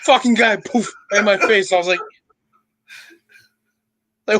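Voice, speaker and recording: A man's voice: high-pitched, a little slow, sharp tone, a little hiss or hum. A young adult man co-hosting a podcast, telling crude, profane stories in casual banter and laughing often. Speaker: podcast co-host.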